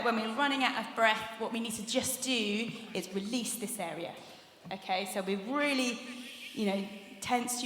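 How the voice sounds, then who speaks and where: The voice belongs to a young woman, a little high and a bit bright, teaching a vocal workshop. She chats and encourages, frequently laughing while demonstrating exercises in a live masterclass held in a large conference hall. There's a little hiss or hum, and the hall sounds echoey with long reverb.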